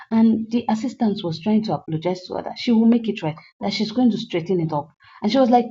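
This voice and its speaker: A woman narrates a film's plot in a storytelling recap and pauses to lecture her viewers earnestly. Her voice is warm and mellow. The recording sounds dull and lo-fi. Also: mid-range voice. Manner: earnest, moralizing asides to viewers. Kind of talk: storytelling film recap with commentary.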